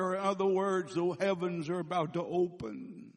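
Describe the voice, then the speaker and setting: A man preaching as a guest speaker, telling a story with frequent restarts and self-corrections, slowing down to stress scripture. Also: high voice, fairly even intonation. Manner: slows down for emphatic scripture quotes. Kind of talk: sermon.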